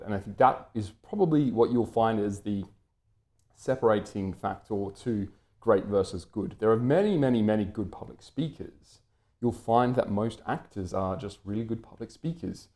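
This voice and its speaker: A man's voice: lowish voice, vocal fry, dark tone. A man from Britain talking through an unscripted, lecture-style commentary, wordy and full of fillers and restarts.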